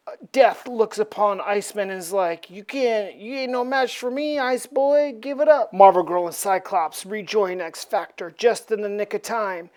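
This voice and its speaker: A woman's voice: a little high, darkish tone. Slangy woman recapping a comic. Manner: slangy, casual, with fillers. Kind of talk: casual comic recap narration.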